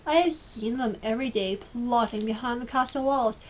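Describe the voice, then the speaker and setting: A woman's voice: fairly high pitch, moderate pace, a little hiss or hum, lightly acted. A woman voicing a stern, joyless male lord in a storybook reading, speaking harshly and muttering. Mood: sly.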